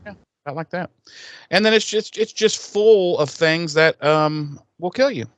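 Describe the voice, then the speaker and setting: A man's voice: a little high, a little slow, a bit bright, dry recording, highs cut off. A man co-hosting a casual podcast, joking and rambling with lots of fillers. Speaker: podcast co-host.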